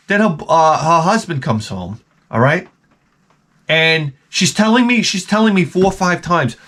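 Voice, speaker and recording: A man who installs closets, telling a profane, animated story in a casual rant and acting out the people in it. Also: high voice.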